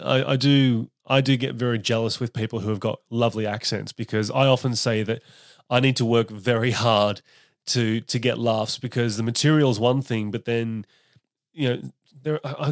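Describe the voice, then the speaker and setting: A man's voice: mid-range voice, fairly even intonation, normal speed, no echo, clean studio sound. A man hosting a casual comedy podcast interview, talking animatedly and often breaking into impressions.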